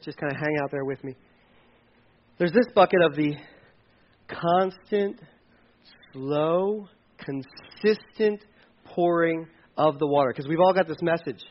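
A man preaching a sermon as pastor, swinging from loud, high emphasis to quiet, low asides and acting out the voices of churchgoers. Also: highs cut off. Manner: acts out quoted voices of churchgoers.

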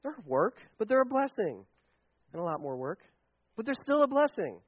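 A man preaching a lively, joking sermon as pastor to a congregation, with frequent restarts. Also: high voice, normal speed, no room sound, muffled recording.

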